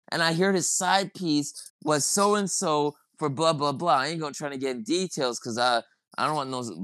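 A man's voice: a little high, a bit bright, no echo. Heated, profane man ranting about sports. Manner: profane, heated, rambling rant. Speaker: podcast host. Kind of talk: casual sports chat.

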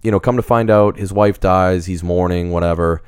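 A man with a low, smooth, resonant voice, rambling through a film plot in easy chat. He leans on fillers and restarts as he tells it. The sound is dry and close. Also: fairly even intonation, moderate pace, a little mellow, no room sound. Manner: rambling, filler-heavy storytelling. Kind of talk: casual movie recap chat.

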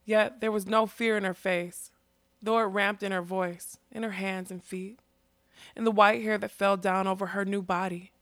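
A woman narrating a fantasy story in a steady, expressive reading. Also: mid-range voice, normal speed, no echo. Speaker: audiobook narrator.

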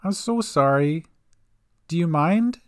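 A man voicing a kind young woman cleric in a homemade storybook podcast, speaking softly and with care. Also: a little high, animated, takes it slowly. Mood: caring. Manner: soft, caring and soothing. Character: gentle kind female cleric, young adult.

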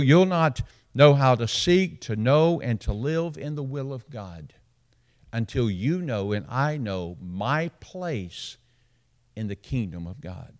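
A man with a Southern US accent preaching a sermon as a pastor, repeating phrases for emphasis and swinging between hushed and raised delivery. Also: mid-range voice, expressive, unhurried, pauses often.

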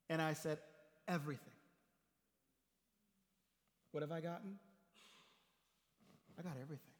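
A middle-aged pastor with a fairly high, slightly bright voice preaches a sermon built around personal stories. He speaks conversationally and acts out the dialogue with humor, and the recording has long hall reverb.

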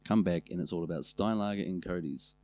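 A podcast co-host with a deep voice and a New Zealand accent tells funny family stories in a brisk, casual chat. He swears freely and narrates with animation, and the recording has no room sound.

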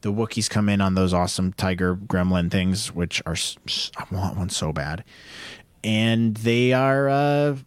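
A man's voice: lowish voice, a little slow, clean tone, no room sound. A man hosting a podcast and recapping an episode in casual chat, enthusiastic and joking, with slangy talk.

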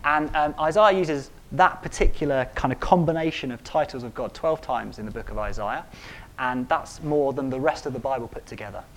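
A man's voice: medium pitch, brisk. Emphatic male preacher. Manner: emphatic, repeats words for stress, rising to loud peaks. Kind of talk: sermon.

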